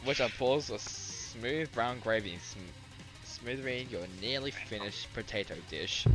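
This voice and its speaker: A man's voice: mid-range voice, a little slow, over music. A man reading a game's narration aloud with a wry, teasing manner, stumbling over words now and then. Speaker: friend reading narration on a stream. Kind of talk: reading game narration aloud, casual chat.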